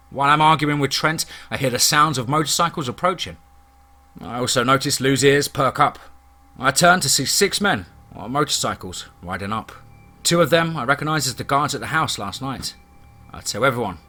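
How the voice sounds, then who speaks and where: A man narrating a first-person horror story in a steady, dramatic storytelling manner. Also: medium pitch, moderate pace.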